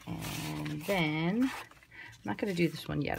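Woman, lowish voice, chatty relaxed crafting tutorial, faint hiss behind. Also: a little slow, creaky. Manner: chatty, relaxed, thinks aloud while working. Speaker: card-making instructor.

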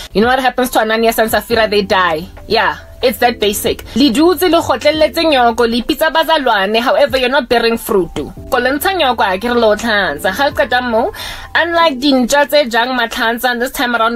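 A woman's voice: a little high, fairly quick, faint music behind. A woman preaching a scolding video sermon in a fiery, sarcastic way.

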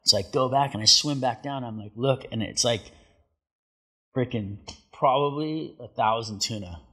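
A middle-aged man, a surfer guest on an interview show, telling a story in a casual, animated way, acting out what people said and saying "like" a lot. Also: mid-range voice, normal speed, breathy edge. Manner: animated storyteller, acts out quotes, many filler likes.

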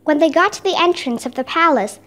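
A woman reading a children's chapter book aloud with steady, expressive narration. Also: high voice, fairly quick. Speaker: storybook reader.

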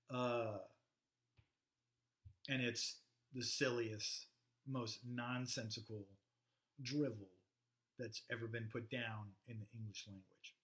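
A man giving a casual, halting literature lecture, stopping often with fillers and reading passages aloud. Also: mid-range voice, fairly even intonation, fairly bright tone. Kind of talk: recorded classroom lecture. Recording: roomy echoey room.

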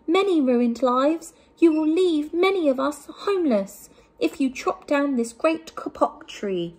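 A woman voicing a tiny, squeaky male tree frog in a picture-book reading for children. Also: lively intonation, unhurried, a little mellow. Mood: pleading. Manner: high piping pleas.

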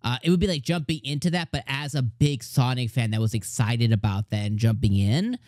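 A man's voice: mid-range voice, a little fast, a little mellow, dry recording, clean studio sound. A man giving an enthusiastic casual anime episode review, often acting out the characters' lines.

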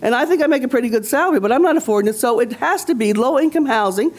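A woman's voice: high-pitched, animated, racing, darkish tone, a little hiss or hum. A woman from Nova Scotia, a community leader speaking on a conference panel in a rousing, rhetorical way, repeating phrases for emphasis. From Nova Scotia, Canada. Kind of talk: impassioned panel talk.

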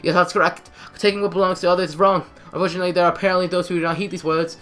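A man voicing a grandiose, self-important male detective, reading the game's dialogue louder and higher than his own voice. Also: little pitch movement, rapid-fire, faint music behind. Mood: pompous. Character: bold theatrical male detective.

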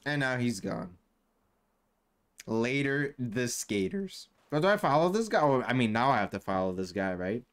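With a medium-pitched, sing-song voice at normal speed, a young man gives relaxed commentary on his game for his YouTube channel. Slang runs throughout, and he voices the characters for fun.

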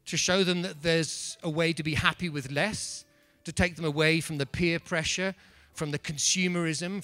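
A man giving a humorous storytelling talk at a business breakfast, lively and asking the audience rhetorical questions. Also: fairly high pitch, dry recording.

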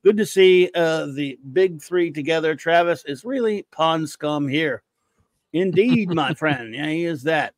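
An excitable man hosting a podcast, rambling through listener reviews and breaking into jokes and the odd shout. His voice sits a little high for a man. The sound is dry, with no room echo. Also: unhurried. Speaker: podcast host. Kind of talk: casual chat reading listener reviews.

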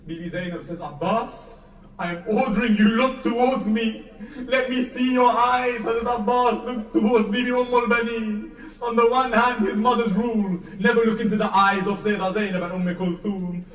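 A man giving a Muharram lecture, reciting a mournful story with deep emotion that swells to near-wailing. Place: mosque or community hall. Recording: echoey hall, mic heard from a distance.

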